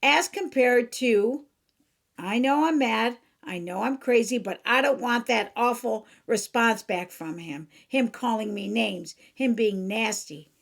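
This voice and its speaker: Earnest woman coach, fairly high voice. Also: measured pace, creaky. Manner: earnest and instructive, acts out examples. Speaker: life coach and podcast host. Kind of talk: solo podcast talk.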